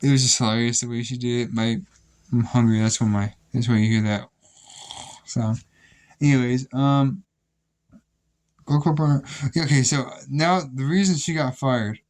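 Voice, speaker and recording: A man's voice: medium pitch, steady tone, moderate pace, long pauses, a little mellow. A young man casually telling rambling, profane stories about his old job, with many restarts. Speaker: vlogger. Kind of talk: casual storytelling.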